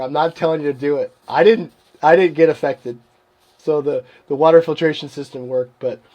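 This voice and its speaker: A middle-aged man hosts his podcast alone, spinning a long personal story in a relaxed, rambling way. His voice sits a little high for a man, and he laughs easily. He keeps acting out the lines of the people he met along the way. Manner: animated, laughs often, acts out quoted voices. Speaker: podcast host. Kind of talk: casual storytelling monologue.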